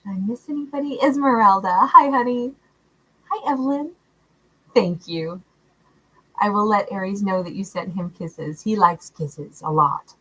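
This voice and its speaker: A woman hosting a livestream, greeting viewers by name in a warm, affectionate, chatty way and laughing often. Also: medium pitch, moderate pace, long pauses, poor audio. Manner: warm, affectionate, calls viewers love and honey. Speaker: tarot livestream host. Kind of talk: casual livestream chat reading out viewer comments.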